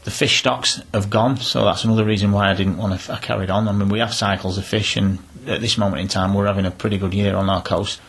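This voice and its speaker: A man's voice: lowish voice, steady tone, quick pace, gravelly, hardly any pauses, breathy edge. A middle-aged man talking casually in an interview, telling down-to-earth stories with frequent restarts. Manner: chatty, down-to-earth, rambling with restarts. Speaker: interviewee, angler.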